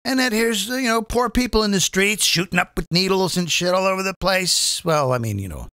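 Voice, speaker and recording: A man's voice: high voice, animated, fairly quick, pushed and bright, clean tone, dry recording, studio quality. A man hosting a live comedy show, ranting in a profane, rambling, digressive way.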